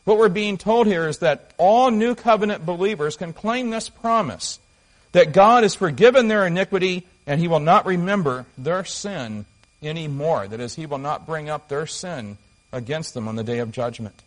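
A male pastor delivering a sermon in a voice a little higher than most men's. He speaks earnestly, leaning hard on key phrases, and pauses and restarts as he reads and explains passages. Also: lively intonation, rough recording.

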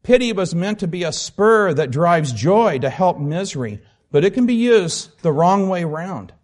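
A man voicing a calm, firm woman in heaven, reading in an earnest, measured way. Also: high voice, pitched above the performer's own voice. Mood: reproving.

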